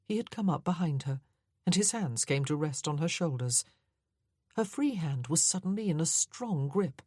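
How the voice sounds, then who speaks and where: A woman narrating a historical romance audiobook in a measured, unhurried way. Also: sits low, animated, darkish tone, breathy edge, no echo, clean studio sound. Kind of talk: scripted narration.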